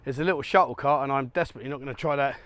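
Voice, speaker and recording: A man's voice: medium pitch, very fast, fairly bright tone, no echo. A middle-aged man chatting to viewers while he walks around an island resort, joking and sometimes out of breath. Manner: chatty, jokey, addresses viewers directly. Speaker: travel vlogger. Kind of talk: casual walking vlog. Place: outdoors on a hillside island resort.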